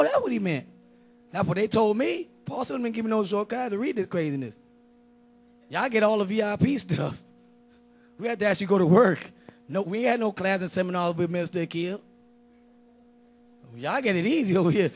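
Male preacher with a high pitch and a loose, animated style that keeps cracking jokes while he preaches. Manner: animated, joking, conversational street-style preaching. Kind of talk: lively sermon.

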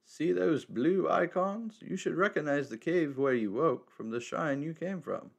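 A man voicing a mysterious, teasing old male hermit in a slow, measured old man voice, reading game dialogue aloud. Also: fairly high pitch, creaky, pitched above the performer's own voice. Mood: cryptic, teasing.

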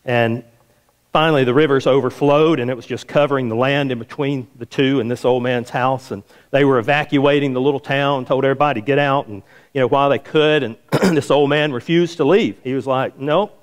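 In a church sanctuary, a pastor tells a story within his sermon at a brisk pace and steady tone, acting out the quoted voices in a higher pitch.

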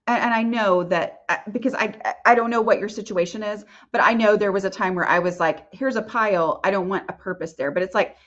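A woman with a medium-pitched voice, recorded with the highs cut off, hosts a casual live Q&A, answering viewer questions. She talks in a chatty, rambling way, full of fillers and restarts.

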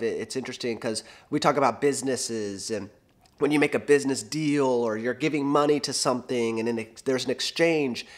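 A young adult man giving a casual sermon, retelling a Bible story in a conversational, animated way with fillers. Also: medium pitch. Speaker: preacher.

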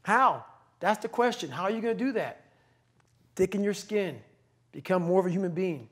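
A middle-aged man on a podcast, giving a blunt, profane, forceful motivational talk. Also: high voice, expressive, moderate pace, husky. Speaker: podcast guest.

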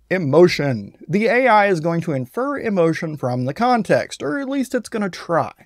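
A man walks through a software tutorial in a plain, self-deprecating voice-over. His voice sits a little high, and the recording is dry and close with no room sound. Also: no echo. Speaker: tutorial host.

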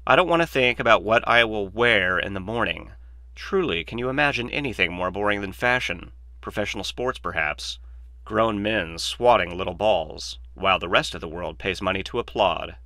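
A man's voice: on the low side, expressive, normal speed, bright, forceful tone, dry recording. A man voicing a glib, opinionated male mathematician in a dry, lecturing, sardonic manner, read as an audiobook. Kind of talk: audiobook reading.

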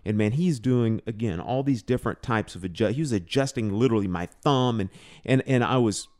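A man, a guest on a podcast, telling a personal story in a casual, animated way and filling it with "you know". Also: mid-range voice, a little fast. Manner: animated storyteller, acts out quoted dialogue, many "you know"s. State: emotional, choked up. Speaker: podcast guest, drum teacher.

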